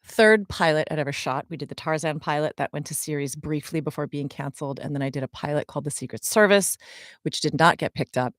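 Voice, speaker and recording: In a studio-quality recording free of echo, a low-voiced woman in her forties chats casually as a podcast co-host. She fields fan questions with plenty of ums and little laughs.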